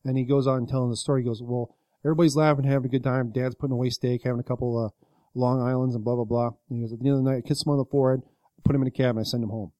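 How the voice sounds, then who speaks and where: A man talking fast in a mellow, dark tone, rambling through a long anecdote full of "like" and quoted lines. The sound is dry and close, like a small podcast studio. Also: mid-range voice, little pitch movement, no room sound, muffled recording. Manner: rambling retelling with many likes and quoted voices. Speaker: podcast co-host. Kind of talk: casual storytelling chat.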